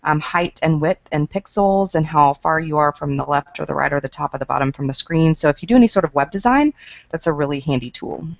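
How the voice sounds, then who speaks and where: A woman with a notably low voice walks through a handy tool step by step, practical and matter-of-fact. Her audio is dry and muffled, as from a video call. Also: fairly quick, creaky, no echo. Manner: practical, explanatory. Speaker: panelist, educator. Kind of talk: conversational explanation.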